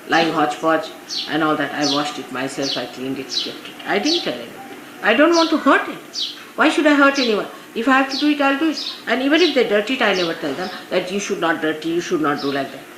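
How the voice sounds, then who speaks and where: A woman from India, serving as a spiritual teacher, talks informally to her followers in a lowish, somewhat bright voice with an Indian English accent. Anecdotes fill her talk, dotted with frequent "you see" asides. The recording is an echoey 1980s archive with faint hiss.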